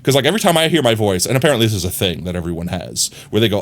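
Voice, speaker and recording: A man streaming from his room, his voice rising and falling a lot as he rambles to chat. He talks casually and directly to his viewers at a middling pitch, picked up on a desk mic. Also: sing-song, fast, hardly any pauses. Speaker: live streamer.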